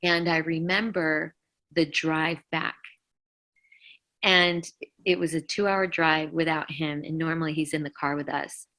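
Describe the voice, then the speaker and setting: A middle-aged woman with a low voice tells a painful story as an interview guest. Her tone is bright and forceful, and she acts out each quoted line with lots of "like"s as she goes. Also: fairly even intonation, a little slow, poor audio. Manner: vivid retelling, acting out quotes, many "like"s. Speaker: rock vocalist, interview guest.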